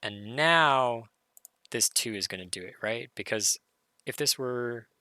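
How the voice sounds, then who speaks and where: Hoarse guy muttering thru a puzzle solve, kinda sharp bright voice. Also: medium pitch, a little slow, dry recording, studio quality. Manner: muttering, self-correcting, excited. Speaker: puzzle streamer. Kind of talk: thinking-aloud live puzzle solve.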